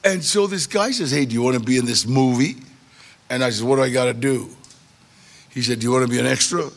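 A man's voice: mid-range voice, fast talker. A man telling a personal story in a casual way, acting out short bits of dialogue between himself and others. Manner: gravelly, acts out dialogue in short quoted exchanges. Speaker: guest telling his life story.

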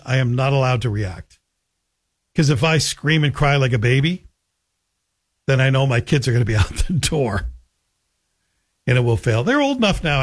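A middle-aged man hosting a talk radio show in a chatty, joking monologue. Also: a little high. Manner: chatty, joking, self-deprecating. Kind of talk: casual monologue.

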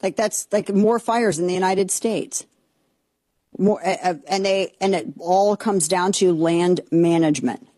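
A woman's voice: lowish voice, fairly even intonation, unhurried, no echo. Exasperated woman ranting on air. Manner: exasperated, rambling, with restarts and sharp outbursts. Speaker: commentary show host. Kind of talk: opinionated political commentary.

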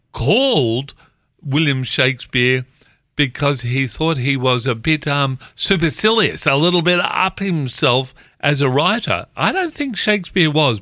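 A man's voice: mid-range voice, sharp tone, no room sound, clean studio sound. A man hosting a casual community radio show, reading listener jokes and letters aloud in a joking way. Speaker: radio host.

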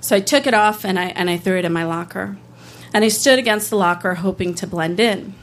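Woman storyteller, earnest and candid, halting restarts, faint noise under the voice. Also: mid-range voice. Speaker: storyteller, public defender. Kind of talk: live first-person storytelling.

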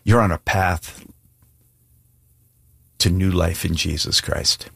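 A man with a low, husky voice preaches an earnest sermon, pleading and emphatic but plain-spoken, dropping in casual asides. The sound is close and dry. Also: steady tone, slow pace, a bit bright, dry recording. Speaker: pastor. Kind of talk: sermon with altar call.

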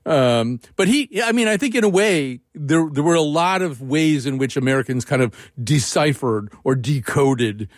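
An older man hosting a radio interview, talking in a conversational, animated way with frequent restarts. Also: a little high, moderate pace, hardly any pauses, no echo, clean studio sound. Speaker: radio show host.

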